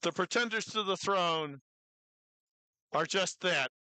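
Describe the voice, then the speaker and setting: A bright, forward voice calls a live weightlifting meet, reading out attempts and weights. Between lifts the commentator trades jokey asides, then breaks into loud, rising cheers for the lifters. The sound is dry and close. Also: mid-range voice, slow, dry recording, poor audio.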